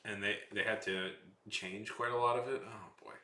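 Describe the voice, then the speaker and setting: A man's voice: on the low side, fairly even intonation, normal speed, pushed and bright, roomy sound, a little hiss or hum. A young man chatting casually and rambling while drawing on a stream. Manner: rambling, lots of fillers and trailing off.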